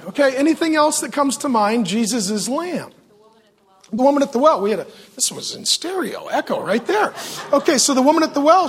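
A man preaching a sermon in a lively, joking way, often asking the audience questions. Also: extremely high pitch. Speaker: pastor.

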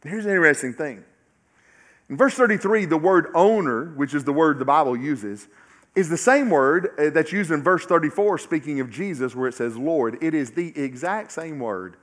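A male pastor preaching a sermon in a church. He speaks emphatically, repeats key lines and often lets phrases fall away to a low, quiet finish. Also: expressive, moderate pace.

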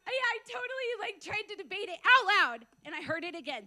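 A woman preaching a testimony, telling it as an animated story, laughing often and acting out the dialogue. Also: very high-pitched, fast, hardly any pauses. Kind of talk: sermon testimony.

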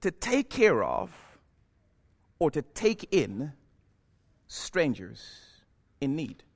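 A male pastor preaching in a church, his voice pitched a little high and moving a lot. He swings from low, quiet stretches to loud, impassioned peaks as he presses his points to the congregation. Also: wildly swooping pitch, drawn-out words, vocal fry, husky. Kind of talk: sermon.

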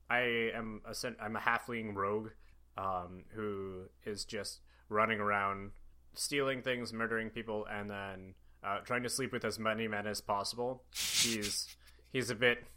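This young podcast host's voice is lowish and sharp, with fairly even intonation and a slightly slow delivery. He chats casually, wandering off track, filling gaps, and laughing often.

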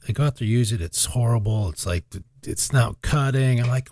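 A man hosting a finance talk show, relaxed and making dry jokes. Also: medium pitch, normal speed, dry recording. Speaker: radio show host. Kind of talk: casual chat.

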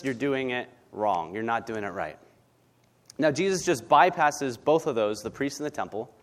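Male pastor, mid-pitched, plainspoken, casual sermon delivery. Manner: blunt, conversational, tag questions.

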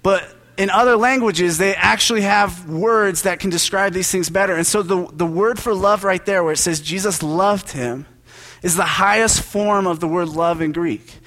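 A man's voice: sits high, normal speed, fairly bright tone. A young man preaching a sermon in a conversational, joking storytelling manner. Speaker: pastor.

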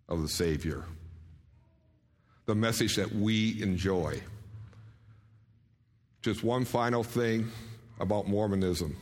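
A man's voice: mid-range voice, fairly bright tone. Earnest male preacher in a reverberant hall. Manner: earnest, asks the audience questions. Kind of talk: sermon.

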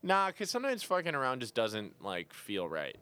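A man's voice: medium pitch, wildly swooping pitch, normal speed, bright, forceful tone, clean tone, dry recording. A man co-hosting a podcast, talking about stand-up in a blunt, crude, offhand way. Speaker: comedian, podcast co-host. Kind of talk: casual chat.

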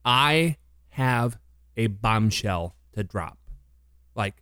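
A man's voice: on the low side, lively intonation, very slow, very noisy. A man co-hosting a radio show, chatting casually on air with playful, teasing banter.

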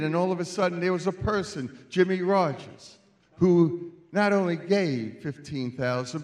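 A man preaching as a guest speaker at a church celebration, moving from quiet storytelling to loud calls to the congregation. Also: sits high. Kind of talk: sermon.

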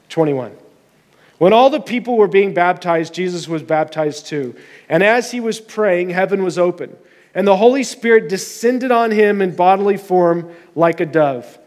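A man's voice: on the high side, darkish tone, big-room sound. A man preaching a conversational sermon as pastor, reading scripture aloud with earnest emphasis.

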